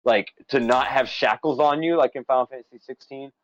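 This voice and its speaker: A man's voice: medium pitch, brisk, muffled recording. A man from the United States co-hosting a casual stream, talking about a film and a game with lots of fillers and tangents. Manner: rambling, filler-heavy, enthusiastic. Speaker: podcast co-host and essay author.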